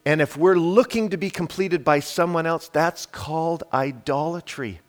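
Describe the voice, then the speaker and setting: A man's voice: on the high side, normal speed. Emphatic male preacher. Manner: emphatic, shifts between loud declarations and quiet hushed lines; addresses the congregation directly with rhetorical questions. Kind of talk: sermon.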